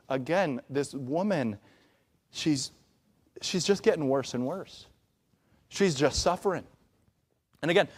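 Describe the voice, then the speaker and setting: A male pastor delivering a sermon in a church, his voice pitched somewhat above most men's. He talks conversationally, checks in with the congregation through frequent asides and varies his pace between quick stretches and slow, deliberate emphasis. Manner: conversational preaching with frequent "all right?" asides. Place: church sanctuary.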